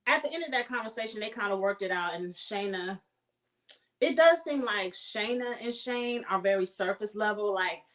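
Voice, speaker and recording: A woman's voice: mid-range voice, moderate pace, fairly bright tone, rough recording. Woman, casual TV recap host, chatty and playful, sassy asides. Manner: chatty, playful, acts out quotes in sassy voices. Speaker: show reviewer.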